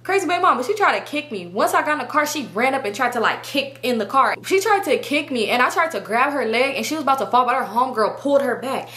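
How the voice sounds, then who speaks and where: A young woman casually telling a story to her viewers, animated and profane, acting out her friends' lines. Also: high voice, quick pace, hardly any pauses. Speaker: storytime vlogger.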